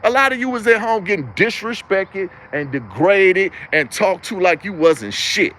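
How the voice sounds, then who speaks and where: A young man with a high-pitched voice delivers a preachy livestream monologue. He hammers his points home with emphatic, repetitive phrasing. He talks the whole time as the live-stream host. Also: sing-song, moderate pace, a bit bright.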